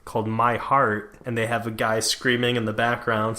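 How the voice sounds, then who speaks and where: A man's voice: mid-range voice, completely flat delivery, normal speed, pushed and bright. A young man co-hosting a podcast, chatting loosely and rambling with lots of fillers. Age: young adult. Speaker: podcast co-host. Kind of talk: casual chat.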